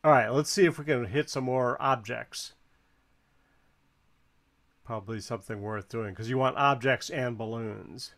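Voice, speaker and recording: A man's voice: mid-range voice, a little slow, long pauses, fairly bright tone. A man giving casual, encouraging play-by-play while someone else flies in a video game, counting the balloon score aloud. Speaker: co-commentator watching a flight game.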